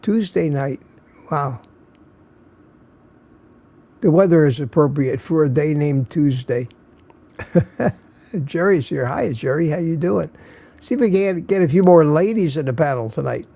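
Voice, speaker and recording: An older man runs a casual live stream, saying hello to viewers individually while tired and a bit slurry, often chuckling between names. The voice is gravelly and mellow, a touch high-pitched for a man. He speaks expressively at a measured pace and pauses often.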